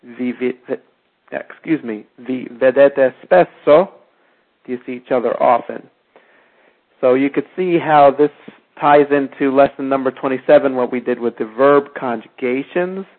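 A man teaching a spoken language lesson, repeating each example phrase slowly and now and then correcting himself. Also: medium pitch. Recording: tinny phone-like audio.

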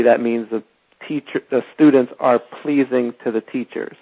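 A male language teacher talks slowly and carefully, going back over each example phrase. His voice has a middle pitch. The recording is thin and tinny, like it came over a phone line. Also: creaky, husky. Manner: slow, deliberate, repeats example phrases. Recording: phone-like narrow sound.

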